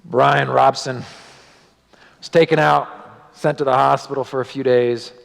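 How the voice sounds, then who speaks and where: A male pastor telling a story in a sermon, animated, his voice rising and dropping for drama. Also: medium pitch, measured pace, vocal fry. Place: church sanctuary. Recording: long church hall reverb.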